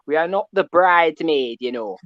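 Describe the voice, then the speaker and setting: A man's voice: a little high, lively intonation, normal speed, dry recording, muffled recording. A man calling in to a fan show, ranting and tagging his points with "yeah?". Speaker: caller. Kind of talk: call-in fan rant.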